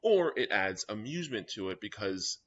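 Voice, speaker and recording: Lo-fi man teaching, bright tone. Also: fairly low pitch, sing-song, normal speed. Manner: explains step by step, often checking in with "all right?". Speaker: writing workshop teacher. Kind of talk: classroom lecture. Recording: dull lo-fi recording.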